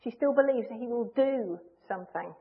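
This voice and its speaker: A woman delivers a sermon in a fairly high voice. She speaks in an earnest, measured way and presses hard on the key phrases. The sound comes through thin and tinny, like a phone line. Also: vocal fry. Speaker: preacher.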